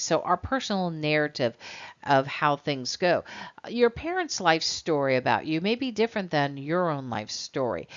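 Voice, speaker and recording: Woman prof lecturing, chatty, plays out little student back-and-forths, lowish voice that bounces around a lot, dull lo-fi audio. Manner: conversational, acts out student exchanges. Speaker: college psychology instructor. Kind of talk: recorded lecture. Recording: dull lo-fi recording.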